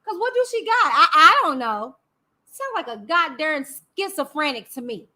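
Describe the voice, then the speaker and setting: A woman's voice: high-pitched, sing-song, normal speed, bright, forceful tone. A woman hosting a casual live-stream commentary, sassy and chatty, talking back to her chat. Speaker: YouTube host.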